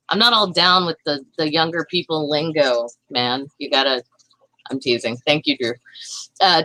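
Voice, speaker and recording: Southern woman, livestream host, fast heated talk, dry close mic. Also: on the low side, sharp tone, no room sound, low-quality recording. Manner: fast, heated, talks to chat viewers. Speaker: livestream host reading chat. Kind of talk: casual political livestream chat.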